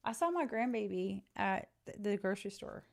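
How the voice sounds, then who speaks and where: A woman's voice: mid-range voice, lively intonation, moderate pace, vocal fry. Chatty middle-aged woman crafting on camera. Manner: chatty, rambling, warmly addresses viewers. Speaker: journaling craft vlogger. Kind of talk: casual chat while crafting.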